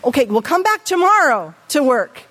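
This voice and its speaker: A woman's voice: sits high, big pitch swings, normal speed, a bit bright, in a large hall. A woman voicing a male deity who anxiously begs a worker to come back, repeating himself. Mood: pleading. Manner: fretful, begging, repeating himself.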